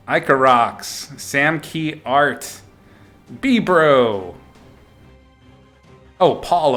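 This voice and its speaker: A man's voice: medium pitch, a bit bright. A man chatting casually with his live-stream audience while he paints, playful and giggly, greeting viewers by name and making up silly words.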